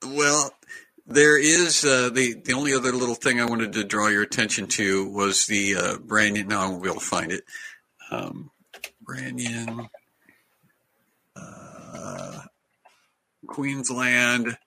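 Bright-voiced man chatting as host. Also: medium pitch, slow, gravelly, long pauses. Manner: chatty, hesitant, laughs often. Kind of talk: casual video call chat.

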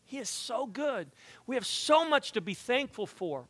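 A man preaching a sermon as pastor, swinging from hushed passages to loud exhortations, with folksy joking asides. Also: very high-pitched, sing-song, normal speed, no room sound.

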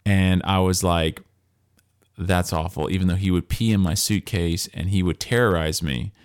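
A man's voice: low-pitched, steady tone, moderate pace. A man co-hosting a casual podcast, rambling and chatty, reading list items aloud between stories. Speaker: podcast co-host.

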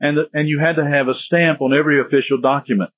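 Husky man lecturing over a tinny line. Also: fairly high pitch, fairly even intonation, quick pace, no room sound. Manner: conversational, digressive, joking asides. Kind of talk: history lecture. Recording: tinny phone-like dry sound.

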